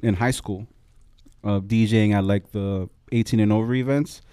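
A man in casual podcast chat, joking and telling stories quickly. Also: lowish voice, steady tone, warm tone, smooth, no room sound, studio quality. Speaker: podcast guest.

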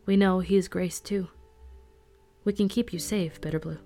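A woman's voice: lowish voice, fairly even intonation, unhurried, dark tone, faint music behind. A woman voicing a bold young female fighter who speaks firmly and reassuringly. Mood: steady. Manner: firm, reassuring.

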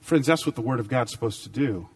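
A man preaching a sermon with emphatic repetition, swinging between loud, high bursts and low, quiet stretches. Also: quick pace, husky, far from the mic. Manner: dynamic, emphatic repetition with big swings in pitch and volume.

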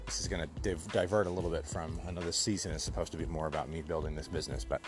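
A man's voice: extremely low pitch, fairly even intonation, rapid-fire, music in the background. A man keeping a casual audio diary outdoors, thinking aloud and rambling with many restarts. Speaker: podcast host.

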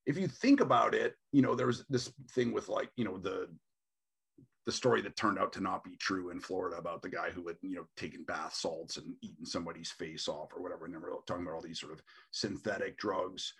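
Gravelly-voiced man talking on a podcast. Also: low voice, fairly quick. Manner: animated, mimics other people's voices in quotes. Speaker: podcast host. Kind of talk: casual podcast conversation.

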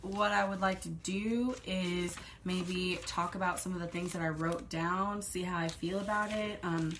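A woman's voice: lowish voice, a bit bright, slight background noise. A young adult woman hosting her own podcast, rambling casually, swearing freely and sometimes dropping to a whisper. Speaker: podcast host. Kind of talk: casual solo podcast monologue.

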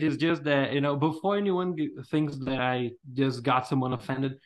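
A man hosting a podcast, chatting casually and teasing his co-host, often laughing. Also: medium pitch. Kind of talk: casual chat.

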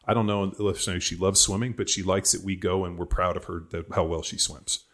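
A man's voice: low voice, fairly even intonation, a little fast, a bit bright. A man in his forties chatting casually about raising his kids, rambling with lots of fillers and restarts. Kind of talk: casual chat.

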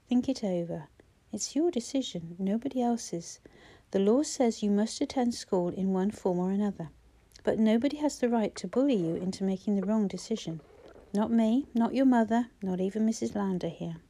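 A composed male teacher, speaking low and smooth with careful politeness, as a woman reads him. The tone stays mellow and unhurried. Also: lightly acted. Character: calm, persuasive male schoolteacher.

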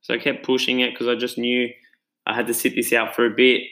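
An Australian man speaks in a relaxed, chatty storytelling manner, earnest and reflective. His voice sits at a middle pitch and has a bright, forward tone. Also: a little fast, rough recording. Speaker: gym owner and trainer. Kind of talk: casual personal storytelling.

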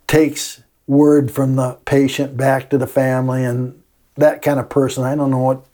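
A man's voice: mid-range voice, flat delivery, moderate pace, dark tone. An older man, a retired teacher telling folksy classroom stories with frequent laughs in a casual interview.

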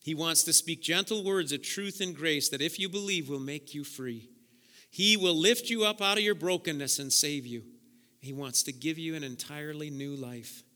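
A man's voice: a little high, normal speed, sharp tone. A man preaching a sermon with passion, often repeating words as he builds up. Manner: impassioned preaching, repeats words when worked up. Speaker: pastor. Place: church sanctuary. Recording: long reverb of a large hall.

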